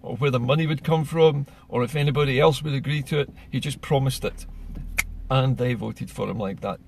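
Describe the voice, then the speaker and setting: Guy, gravelly, mid-pitched, earnest political rant, bit of hiss behind. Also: fairly quick, a little mellow. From Scotland. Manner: earnest, persuasive, rhetorical questions. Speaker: political commentator. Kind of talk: political vlog monologue.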